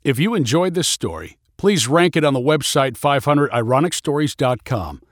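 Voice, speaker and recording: A man narrating a story in a steady, plain reading manner. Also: medium pitch, moderate pace, no room sound, studio quality.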